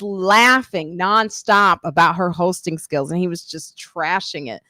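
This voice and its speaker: A middle-aged woman comedian hosting a live podcast, telling stories in a lively way and breaking into loud impressions. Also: lowish voice, unhurried, no echo. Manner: animated storyteller, slips into loud impressions. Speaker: podcast host. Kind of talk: casual comedic chat.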